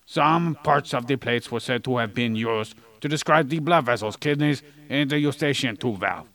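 Gravelly, bright-voiced man joking around. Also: medium pitch, moderate pace. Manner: jokey, goofy asides. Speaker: podcast co-host. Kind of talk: casual chat. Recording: poor audio quality.

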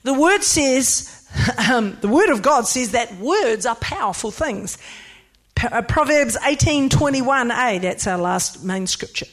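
A woman pastor, preaching a sermon in an emphatic, lively way with playful asides. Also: a little high, measured pace.

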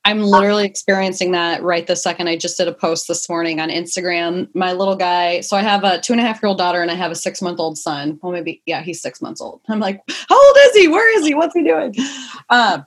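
A woman's voice: on the low side, steady tone, fast talker, hardly any pauses. A young woman, a mother of two small children, talking candidly in a casual podcast chat, rambling and swearing now and then.

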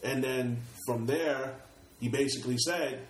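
A man's voice: mid-range voice, a little slow, roomy sound, slight background noise, rough recording. A middle-aged man from Brooklyn with a New York accent, telling stories in an interview in a casual, streetwise way, often repeating and restarting words and swearing freely. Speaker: rapper interview guest.

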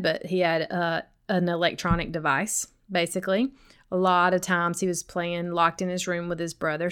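A woman's voice: on the low side, clean tone. A middle-aged woman with a noticeable accent, hosting a self-help talk and speaking straight to her listeners in a chatty way.

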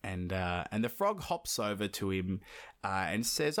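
A man's voice: low-pitched, sing-song, unhurried. A man co-hosting a podcast, retelling a folktale in a casual, joking way with swearing and fillers. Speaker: podcast co-host. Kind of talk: casual storytelling chat.

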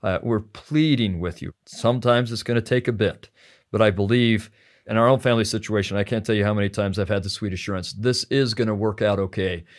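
A man with a low voice talks through scripture in a relaxed, conversational way. He sounds heartfelt and reflective, and he slows down to lean on the phrases that matter to him. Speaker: scripture teacher, podcast guest.

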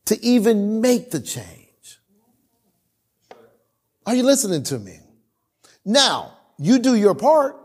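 Male pastor preaching in church, high lively voice, keeps restarting words. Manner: animated preaching, swings between loud emphasis and quiet asides; repeats words and restarts often. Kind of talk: sermon.

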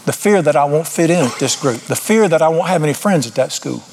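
A man's voice: fairly high pitch, expressive, fast talker, darkish tone, slight background noise. A middle-aged man preaching an informal sermon, folksy and blunt, with sudden emphatic rises.

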